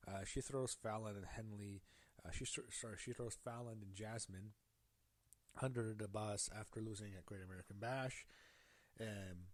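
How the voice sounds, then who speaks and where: A man's voice: on the low side, no room sound. A man giving a casual spoken review, rambling with many fillers and self-corrections and sounding openly annoyed. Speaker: show reviewer.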